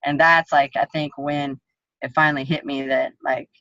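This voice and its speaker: Blunt, profane woman fighter with a bright voice. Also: sits low, flat delivery, moderate pace, no echo. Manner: blunt, profane, vivid storytelling. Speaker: MMA fighter guest. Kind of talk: casual interview storytelling. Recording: dull lo-fi sound.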